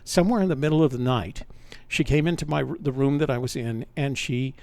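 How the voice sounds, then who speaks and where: An older man recounts a personal adventure in a loose, conversational storytelling style, stopping to correct himself as he goes. His voice sits at an ordinary pitch and is recorded close and dry, with no room sound. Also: brisk, gravelly, darkish tone, no echo. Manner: rambling, self-correcting, conversational. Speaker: podcast host.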